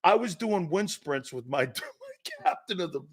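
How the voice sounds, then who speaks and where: A man hosting a sports talk show, telling rambling, animated stories with many restarts while standing. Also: on the high side, normal speed, breathy edge. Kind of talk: casual sports talk banter.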